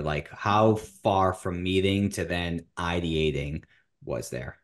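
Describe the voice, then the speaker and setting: Low-voiced guy hosting a podcast, kinda rambly, lots of restarts. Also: slow. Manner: rambling, builds questions with many restarts. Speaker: podcast host. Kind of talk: casual interview.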